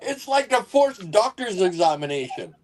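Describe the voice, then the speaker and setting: A man co-hosting a casual stream, tossing in quick wisecracks. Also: sits high, big pitch swings, darkish tone. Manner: wisecracking interjections. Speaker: co-host. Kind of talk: casual chat.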